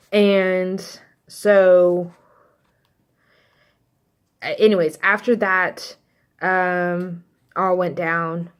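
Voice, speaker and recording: A woman vlogger telling a casual storytime, rambling and correcting herself as she goes and acting out what others said. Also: lowish voice. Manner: rambling, self-correcting, acts out quotes.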